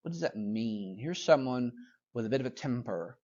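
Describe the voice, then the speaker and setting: A man's voice: medium pitch, expressive, moderate pace, a little mellow, highs cut off. A man teaching a Bible lesson in a conversational, emphatic way, mixing scripture reading with casual asides.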